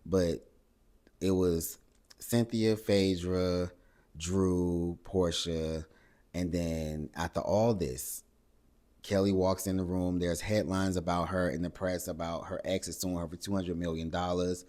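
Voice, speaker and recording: A man hosting a casual reality TV recap, talking it through in a lively, conversational way. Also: slow. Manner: animated, acts out cast members' lines in higher voices. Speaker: recap host.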